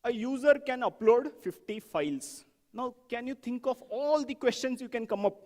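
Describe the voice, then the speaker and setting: A man giving an animated conference talk on software testing, asking the audience questions and acting out examples. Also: extremely high pitch, normal speed, big-room sound.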